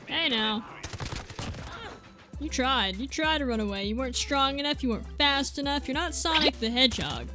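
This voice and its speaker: A woman with a high, light voice gives excitable gameplay commentary, exclaiming and calling out to the enemies on screen. Game music and gunfire play clearly behind her. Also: normal speed. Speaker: gaming video creator.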